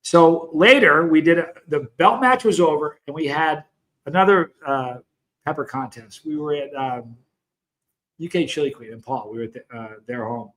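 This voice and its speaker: A man's voice: on the high side, moderate pace, fairly bright tone. Chatty middle-aged man telling a rambling story. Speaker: hot sauce show host. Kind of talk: casual live-stream chat.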